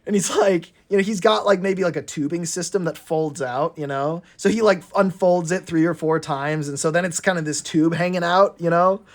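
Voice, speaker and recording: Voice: mid-range voice, normal speed, few pauses. A podcast co-host telling a comedic story in casual chat, giggling and rambling with lots of fillers.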